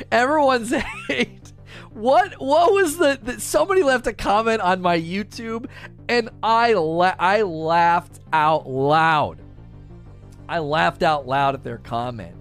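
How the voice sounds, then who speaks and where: A man's voice: high-pitched, expressive, slow pace, faint music behind. A man in casual gaming chat as a YouTuber host, laughing often and repeating phrases.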